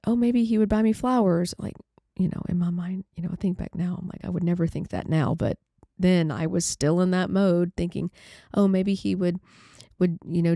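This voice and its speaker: A woman podcast host recounting a painful personal story in a halting, conversational way with many restarts. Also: lowish voice, dark tone, clean tone, no room sound, studio quality.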